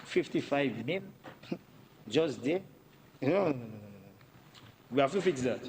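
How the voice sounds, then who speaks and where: A man's voice: medium pitch, animated, measured pace, darkish tone, long reverb tail, a little hiss or hum, rough recording. A Dominican man, a member of parliament, giving an emphatic debate speech in the chamber and repeating himself for stress.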